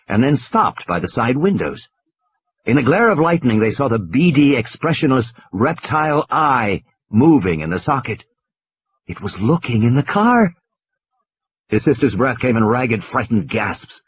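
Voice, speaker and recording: A man's voice: on the low side, highs cut off. A man narrating an audiobook with a tense, dramatic delivery.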